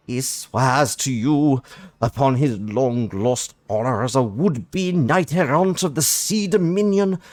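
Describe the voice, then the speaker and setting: A pompous, overeager worm knight bellows his pledges in old-fashioned, theatrical speech with a posh English accent. His voice rides high and slow, the words stretched out for grandeur. The recording is dry and close to the mic. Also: no room sound. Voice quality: booming, theatrical archaic diction. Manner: loud, drawn-out, grandiose declarations.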